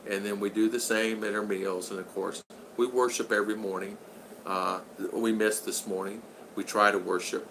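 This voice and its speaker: A man's voice: fairly low pitch, creaky, pushed and bright, slight background noise, poor audio. A man in his sixties hosting a casual livestream, reading viewer comments aloud in a rambling, folksy, joking way. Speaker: channel host.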